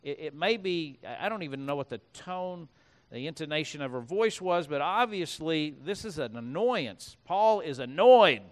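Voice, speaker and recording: A man's voice: a little high, expressive, moderate pace. A man preaching a sermon as pastor, reading scripture aloud and breaking off into conversational asides.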